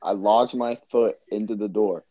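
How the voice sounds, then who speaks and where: A man's voice: lowish voice, steady tone, moderate pace, dry recording, lo-fi sound. A young man earnestly telling a scary story in a casual chat, insisting it is true.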